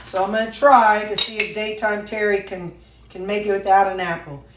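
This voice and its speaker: A woman's voice: mid-range voice, fairly even intonation, normal speed, noisy background. An older woman, chatting casually and folksily to her viewers while she packs meals in her home kitchen. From Missouri, USA. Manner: folksy, chatty, talks to herself, drawling asides. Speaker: weight-loss vlogger. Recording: echoey kitchen with clattering dishes.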